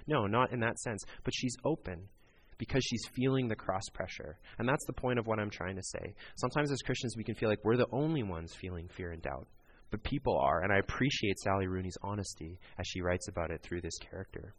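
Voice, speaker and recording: A man's voice: on the low side, fairly quick, fairly bright tone. A man preaching a sermon in an earnest, conversational way, talking directly to his listeners. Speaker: pastor.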